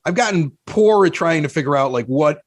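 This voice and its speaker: A man with a strong Chicago accent spins self-mocking stories in a loose, chatty way. His slightly high voice swoops up and down as he goes, and he stumbles over restarts. The sound is close and dry. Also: fairly quick, no echo. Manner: animated, self-mocking storyteller with many restarts. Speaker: podcast guest. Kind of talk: casual storytelling chat.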